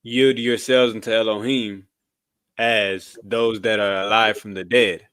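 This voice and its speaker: A man's voice: on the low side, level tone, unhurried, a bit bright, clean tone, no room sound, clean studio sound. A man in a Bible study reading scripture verses aloud when he is prompted. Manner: reads verses aloud on cue.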